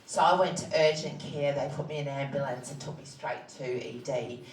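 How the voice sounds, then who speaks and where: Low woman, candid, echoey room, sounds a bit off-mic, faint hum behind. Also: fairly even intonation, recorded from a distance. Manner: candid, plain-spoken, halting with fillers. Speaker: charity founder telling her story. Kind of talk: personal testimony.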